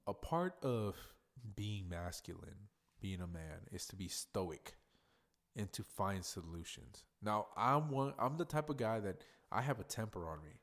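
A man with a very deep, low-pitched voice hosts a solo podcast. He talks casually and bluntly, swears freely, and gives advice in a plain, straight-talking way. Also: expressive, a little slow, a bit bright. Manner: blunt, profane and conversational. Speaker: podcast host. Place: workplace in a hotel lobby.

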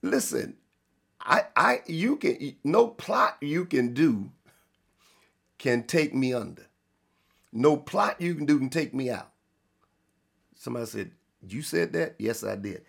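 A male pastor preaching a sermon, with sudden loud emphatic rises and slow drawn-out stresses. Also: mid-range voice, very animated, gravelly, husky.

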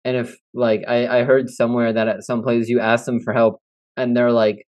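A man's voice: medium pitch, level tone, normal speed, darkish tone. A man hosting a podcast, talking in an easygoing, casual way with many fillers. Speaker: podcast host. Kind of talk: casual conversational chat.

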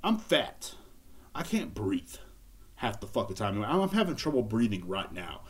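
A man's voice: lowish voice, very animated, moderate pace, breathy edge. A man hosting a casual solo podcast, rambling and cracking crude jokes into a recorder. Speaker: podcast host. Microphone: handheld recorder.

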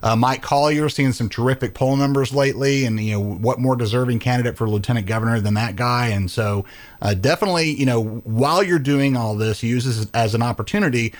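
A man hosts a casual podcast conversation. He talks fast in a mid-range voice, sounding relaxed and enthusiastic. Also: mid-range voice. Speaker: host.

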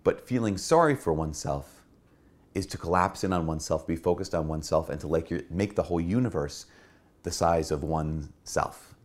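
A man's voice: low voice, fairly quick. A middle-aged man, a Catholic priest, giving an earnest spoken reflection and repeating key phrases for emphasis. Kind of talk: spoken homily-style reflection.

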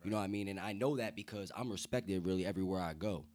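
A young man talking loosely as a podcast guest, his voice sitting fairly low. He speaks in a relaxed, slangy way full of fillers, like easy chat at a table. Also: rapid-fire. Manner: laid-back slangy talk, many fillers. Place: table indoors with drinks.

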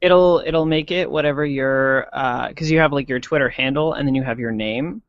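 A man appearing as a guest on a casual tech podcast, explaining things calmly. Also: medium pitch, moderate pace, no room sound. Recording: dull lo-fi dry sound.

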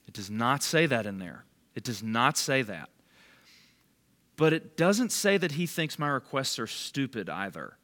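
A man teaching a small group in a relaxed, chatty sermon, his pitch swinging up and down with animated emphasis. He keeps checking in with listeners and calls on them by name. His voice sits at an ordinary middle pitch. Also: measured pace. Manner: conversational, quizzes listeners by name. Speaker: bible study leader.

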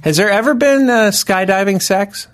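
A man's voice: sits high, normal speed. A man co-hosting a comedy podcast, chatting casually and cracking jokes. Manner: animated, jokey, bursts into loud shouts. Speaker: podcast co-host.

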